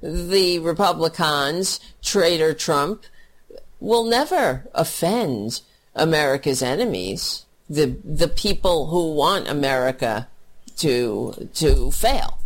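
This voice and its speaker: Woman commentator, slow and lowish, ranting with profane sarcasm. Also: animated. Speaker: political commentator.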